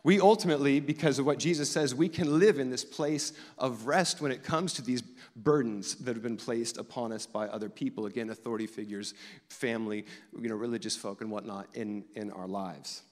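Man pastor, casual storyteller, mid pitch, reverberant church hall. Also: a little fast, a little mellow. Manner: casual, storytelling, many restarts. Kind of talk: sermon. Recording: long echo of a church hall.

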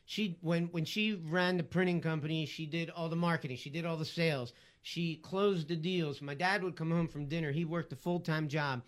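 A man's voice: a little high, fairly even intonation, moderate pace, few pauses. A middle-aged man co-hosting a radio talk show, telling stories in a chatty, teasing way.

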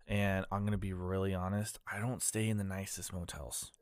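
A man's voice: sits low, level tone, normal speed, dry recording, studio quality. A man hosting a casual podcast chat, joking and laughing often. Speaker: podcast host.

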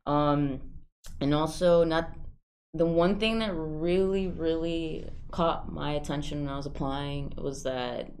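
A woman's voice: low voice, slow, darkish tone, a little hiss or hum. A woman on a talk show explaining a program in an upbeat, explanatory way. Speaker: program guest. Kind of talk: casual interview talk.

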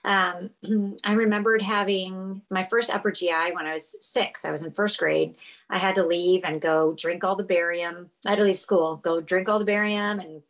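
A middle-aged woman, a guest on an interview podcast, telling her story in a casual, animated way over a video call and laughing often. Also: on the low side, normal speed, poor audio. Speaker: podcast guest, fitness instructor.

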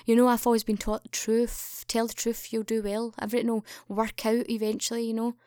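Animated young woman telling a story. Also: brisk, no echo, studio quality. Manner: animated, acts out quoted dialogue with raised pitch. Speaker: podcast guest. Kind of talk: casual storytelling chat.

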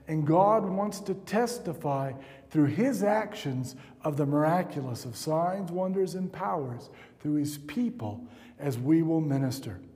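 A man's voice: fairly high pitch, dark tone. A man preaching a sermon and leading a fervent closing prayer. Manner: earnest, builds to fervent prayer. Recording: long hall reverb.

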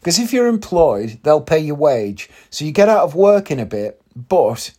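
A man's voice: on the high side, sing-song, normal speed, warm tone. A man hosting a podcast, chatting casually and rambling with self-deprecating asides, tired and yawning. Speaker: podcast host. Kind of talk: casual solo podcast chat.

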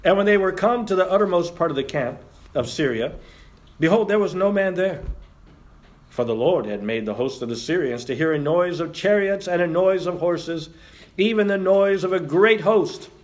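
Joking, animated man preaching a sermon. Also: high-pitched, moderate pace. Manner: jokey, animated, reads scripture aloud. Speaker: pastor.

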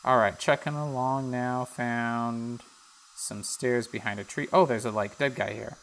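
With a mid-range voice, fairly even intonation, and measured pace, a man hosts a let's-play podcast. He talks casually and reads the game's dialogue aloud, the recording noisy in the background.

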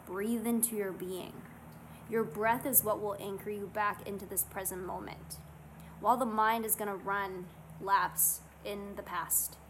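A woman vlogger talking casually and earnestly to camera, guiding listeners through calming self-help steps. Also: mid-range voice, slight background noise, rough recording. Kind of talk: casual motivational talk to camera.

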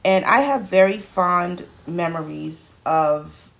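A woman's voice: on the low side, takes it slowly, vocal fry, a bit bright. A woman from New York City hosting a podcast, talking in a casual solo monologue, chatty and full of digressions, recorded in a home studio. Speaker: podcast host.

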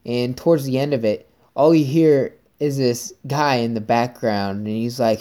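A man's voice: medium pitch, steady tone, normal speed, hardly any pauses, mellow. A man hosting his own podcast, telling a story in an upbeat, rambling way. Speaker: podcast host. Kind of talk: casual solo podcast monologue.

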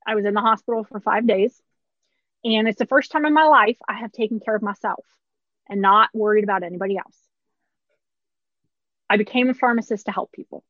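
A woman's voice: fairly high pitch, dry recording, dull audio. A woman in her thirties, a pharmacist, candidly telling a personal story with short laughs through hard moments.

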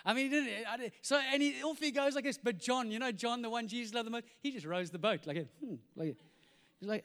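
A man preaches in a high, light voice, and his words ring out through a reverberant church hall. He tells the story with big swings from loud, animated moments to hushed, intimate ones. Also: a little fast, clean tone. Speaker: pastor. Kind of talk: sermon.

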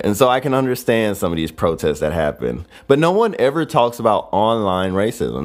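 A young man hosting a podcast, telling a story in a rambling, profane way and adding "right?" after nearly every phrase. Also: sits low. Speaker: podcast host. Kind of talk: casual solo monologue.

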